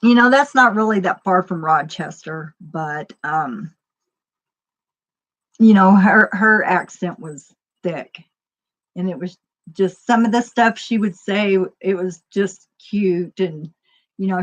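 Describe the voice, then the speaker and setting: A woman chatting casually as a stream host, rambling and laughing often. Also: fairly low pitch. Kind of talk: casual chat.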